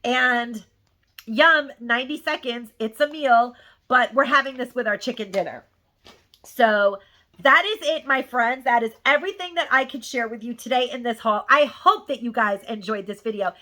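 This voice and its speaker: Bright, gushing woman haul vlogger. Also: high voice. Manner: gushing, rambling, lots of "like" and "um". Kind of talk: casual chatty haul review.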